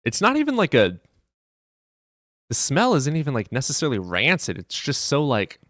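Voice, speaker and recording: A man's voice: mid-range voice, wildly swooping pitch, moderate pace, a bit bright, no echo, clean studio sound. A man hosting a live stream from his desk at home, chatting casually and telling rambling, profane stories.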